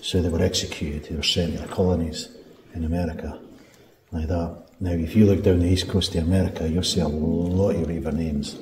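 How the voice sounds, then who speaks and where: A middle-aged Scottish man guides a tour through a large indoor castle room, chatting and telling stories as he chuckles along. His voice is low, darkish, and brisk, with fairly even intonation. The recording comes from far off in an echoey hall, with noise.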